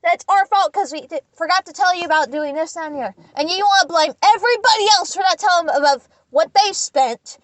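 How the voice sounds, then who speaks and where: Speaking a little fast with few pauses, a young woman vlogger rants passionately and indignantly into the camera, hammering points through repetition. Her pitch is extremely high, and the recording is dry and rough.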